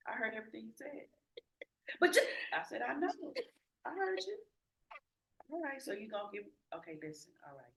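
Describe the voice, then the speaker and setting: A woman's voice: on the high side, very animated, a little fast, creaky, long pauses, fairly bright tone. A woman telling a story in a group talk, acting out both sides of a phone call. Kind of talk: casual group chat, storytelling.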